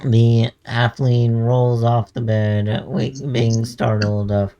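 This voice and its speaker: A man's voice: medium pitch, flat delivery, slow pace, mellow, muffled recording, slight background noise. A man running a tabletop game as game master, narrating and guiding the players, with laughing asides.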